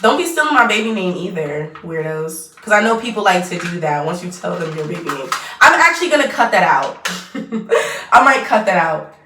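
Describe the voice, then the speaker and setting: A woman's voice: on the low side, sing-song, a little fast, bright, forceful tone, slight background noise. Chatty woman vlogging from across a roomy space. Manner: chatty, rambling, trailing off mid-sentence. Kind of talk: casual get-ready-with-me chat. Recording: roomy echo, mic at a distance.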